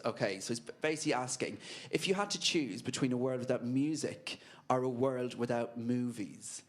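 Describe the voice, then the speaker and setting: A man's voice: mid-range voice, fairly quick, few pauses. A man with a British accent interviewing, asking chatty questions full of fillers. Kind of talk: casual interview.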